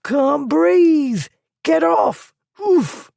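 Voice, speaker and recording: A narrator voicing a desperate, grubby male thief who shrieks his protests in a shrill, strained voice. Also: big pitch swings, a little slow, gravelly, mellow, no echo, studio quality, exaggerated voice. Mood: panicked shrieking. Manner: screaming protests.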